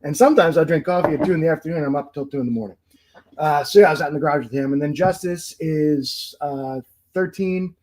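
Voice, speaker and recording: Man with a slightly high voice. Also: quick pace, a little mellow, low-quality recording. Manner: storytelling, laughs often. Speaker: podcast guest. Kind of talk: casual chat.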